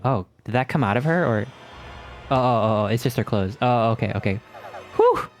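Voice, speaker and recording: Excitable man streaming a game. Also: medium pitch, a little fast, soft background music. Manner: excitable, swearing, joking. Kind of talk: casual gameplay commentary.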